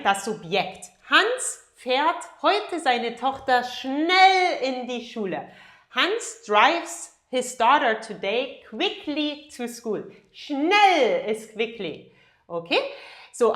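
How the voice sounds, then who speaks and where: A German-accented woman with a fairly high voice teaches a language lesson. She stresses the key words and repeats every example in two languages. The room gives her voice a noticeable echo. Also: a bit bright. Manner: emphatic, repeats each example in both languages, often asks "ja?". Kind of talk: language lesson, switching between English and German.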